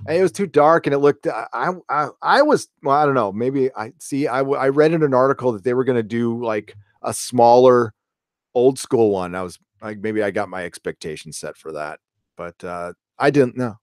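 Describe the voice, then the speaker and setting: Middle-aged guy rambling on his live show, swears a lot, mid-pitch voice, dry close sound. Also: moderate pace, dry recording. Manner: rambling, blunt, swears freely. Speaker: host. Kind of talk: casual live-show chat.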